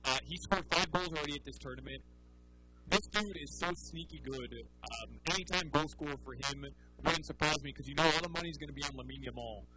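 Bright, forceful male sports-bet analyst, quick casual chatter with restarts. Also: on the high side, slight background noise, rough recording. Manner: chatty, animated, frequent restarts. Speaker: soccer betting analyst guest. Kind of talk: casual podcast chat.

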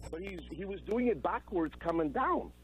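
A man's voice: high voice, expressive, a bit bright, faint music behind, poor audio. Rambling male radio caller. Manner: rambling, halting restarts. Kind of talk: phone-in chat.

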